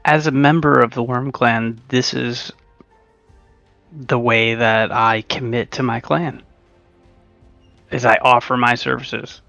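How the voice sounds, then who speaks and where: A man's voice: mid-range voice, steady tone, slow pace, vocal fry, pauses often, sharp tone, dry recording, lo-fi sound. A man in a mid-range voice playing a tabletop game, talking in character, laid-back and matter-of-fact. The recording is very dry, with faint music behind. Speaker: player.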